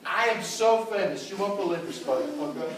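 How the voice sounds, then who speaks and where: A blustering, self-praising older American politician, as a comedian MC puts him on, in a put-on American accent that sits high for a man. He brags and hammers every point with "okay?". The voice rings through a very echoey lecture hall, caught by a distant mic. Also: expressive, brisk, a little hiss or hum. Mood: boastful. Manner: bragging, repeats "okay?" and "let me tell you". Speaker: MC of a student debate. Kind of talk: stand-up impression.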